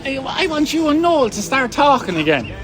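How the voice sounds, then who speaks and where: A woman's voice: high-pitched, big pitch swings, normal speed, soft background music, voice pushed up. A man voicing an older Irish mother who pleads with and nags her sons, in an Irish accent. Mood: pleading. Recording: noisy street recording.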